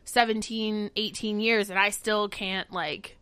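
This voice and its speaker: A woman in her thirties from the United States, co-hosting a podcast in loose, swear-heavy chat. Her voice is bright and cutting, and she gets worked up as she talks. The sound is close and dry, with no room around it. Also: medium pitch, steady tone, a little slow, clean tone, no room sound. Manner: emphatic, profane, gets worked up. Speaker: podcast co-host.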